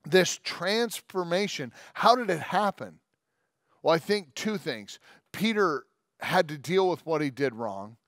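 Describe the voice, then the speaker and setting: A male pastor giving a sermon in a conversational, joking way, with quick asides and long scripture readings. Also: a little high, animated, fairly bright tone, no room sound, clean studio sound. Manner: reads scripture aloud at length.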